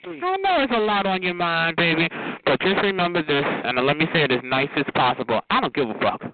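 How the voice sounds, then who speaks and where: A man trash-talking a caller on a phone chatline, sassy and taunting with a drawn-out delivery. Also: a little high, big pitch swings. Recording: tinny phone line with noise.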